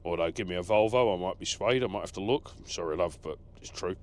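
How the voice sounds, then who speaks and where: A man's voice: low voice, quick pace. A man who drives lorries, chatting casually in his truck cab as he reads out viewer comments, rambling and self-deprecating. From England. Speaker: lorry driver vlogger. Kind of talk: casual vlog chat, reading comments.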